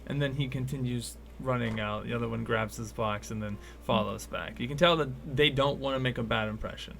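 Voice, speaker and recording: A man's voice: medium pitch, fairly quick, creaky, few pauses, a bit bright, slight background noise. A man running a tabletop game as game master, narrating in a loose, rambling way full of fillers.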